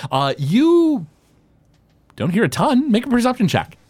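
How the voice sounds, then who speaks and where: A man's voice: very high voice, wildly swooping pitch, a little slow, a little mellow, husky, dry recording. A man narrating as game master of a tabletop game, loose and chuckling, with frequent hesitations.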